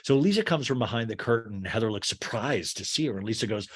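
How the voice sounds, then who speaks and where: A man's voice: quick pace, hardly any pauses, husky. A man hosting a podcast in a casual recap, talking with a voice worn from hours of chatting. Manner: animated, jumps into high mocking voices for quotes. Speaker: podcast host. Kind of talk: casual recap with acted quotes.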